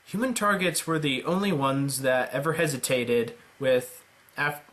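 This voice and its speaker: A man reading a visual novel aloud dramatically, with deadpan joking asides. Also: mid-range voice, measured pace. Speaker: let's player.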